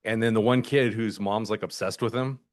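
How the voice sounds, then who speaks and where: A man in a casual podcast chat, making relaxed, offhand remarks. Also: fairly low pitch, a little fast.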